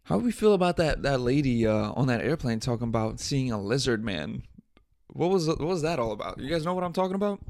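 A young man hosts his own podcast, ranting solo and off the cuff with crude, irreverent jokes, swearing a lot and laughing at his own bits. His mid-pitched voice has a gravelly fry and a darkish tone, and he speaks very animatedly at a quick pace. The recording is dry and close to the mic.

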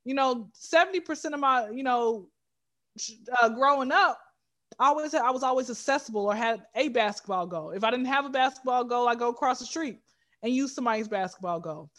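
A woman comedian telling stories in an animated, joking way, often jumping into voices. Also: fairly quick. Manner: animated, jumps into high mimicking voices. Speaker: comedian guest. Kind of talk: comedic storytelling.

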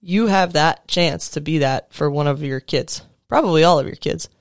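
Clear and resonant, this fairly high male voice moves at a moderate pace in a dry, clean studio recording. The speaker, a coach in his thirties, addresses other coaches in an earnest, conversational motivational talk, using casual fillers and restarting himself.

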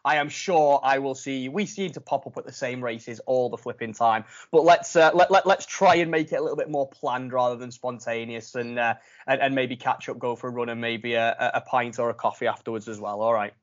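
A man's voice: mid-range voice, fairly even intonation, a little fast, few pauses, lo-fi sound. A man hosting a casual podcast, jokey and enthusiastic, with big bursts of laughter. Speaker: podcast host.

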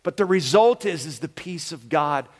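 Male pastor, higher-pitched voice, emphatic sermon delivery, acts out prayers in church. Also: expressive, normal speed.

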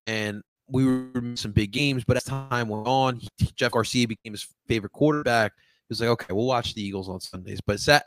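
A man hosting a casual sports talk show, chatting in a loose, animated, slangy way. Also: lowish voice, no room sound.

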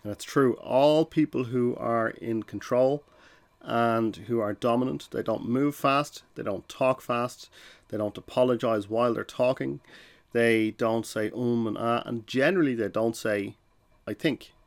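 A man hosting a podcast, explaining ideas in a relaxed, conversational way with frequent restarts and little acted-out exchanges. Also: medium pitch, unhurried. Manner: conversational, uses fillers and restarts, acts out short phone exchanges. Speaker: podcast host. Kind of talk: casual explanatory podcast talk.

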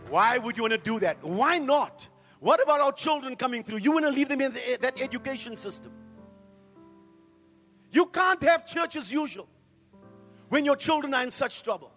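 A middle-aged man preaching a sermon as a pastor, firing off rhetorical questions and swinging from hushed to loud. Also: very high-pitched, lively intonation, normal speed, long pauses, faint music behind.

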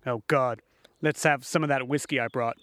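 A man's voice: medium pitch, fairly even intonation, moderate pace, bright, forceful tone, no echo, pitched below the performer's own voice, lightly acted. A man reading the part of an arrogant, domineering rich man who boasts and sneers. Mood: scornful.

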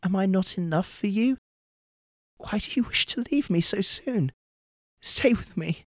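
A man voicing a tearful young sea princess who pleads with her husband in a raised, soft voice. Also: high voice, lively intonation, measured pace, no echo, clean studio sound, voice pushed up. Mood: pleading.

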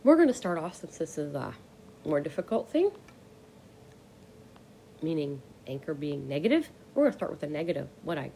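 A woman's voice: deep voice, gravelly, a little mellow, slight background noise. A woman hosting a casual solo podcast, ranting bluntly and with exasperation, swearing casually. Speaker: podcast host.

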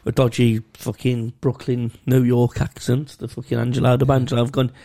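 A man's voice: medium pitch, level tone, normal speed, mellow. A man telling a story in casual podcast banter, with lots of swearing and laughter. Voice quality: swears a lot, laughs while telling stories. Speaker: podcast co-host.

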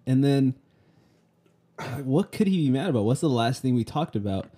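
A young man with a husky, slightly breathy voice tells a story in a loose, casual chat. His pitch jumps around a lot as he acts out the other people's lines, and he laughs often as he goes. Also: normal speed. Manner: animated, laughing retelling with lots of acted-out quotes.

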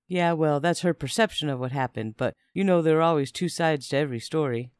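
A man's voice: a little high, brisk, clean tone, no echo, clean studio sound, natural voice. A man doing a volatile, defensive boyfriend. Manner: raised, accusing and self-pitying. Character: defensive, volatile adult male partner.

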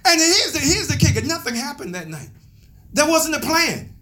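A man pastor telling a story in a sermon, animated and laughing as he calls out to his members. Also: very high voice, normal speed.

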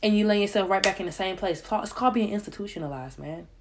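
Talking very fast in a medium-pitched voice, a woman commentator rants heatedly but casually about a documentary, cursing frequently and repeating points to stress them. A little hiss or hum sits under the recording.

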